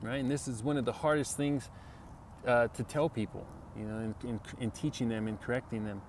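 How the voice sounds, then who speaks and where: A man of ordinary pitch talks earnestly through a Bible lesson, loose and repetitive, often asking "right?" as he goes. It is a casual video sermon. Faint traffic and street noise sit under his voice. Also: fairly even intonation, brisk. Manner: earnest, repetitive, conversational, with many "you know" and "right?". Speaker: Bible teacher.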